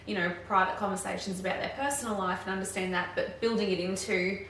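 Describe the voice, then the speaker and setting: Bright-voiced woman co-hosting. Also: mid-range voice, fairly even intonation, fast talker, a little hiss or hum. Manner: thoughtful, rambling, many "like" and "um". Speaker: podcast co-host, nurse. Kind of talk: casual podcast chat. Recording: roomy room, distant mic, faint ambience.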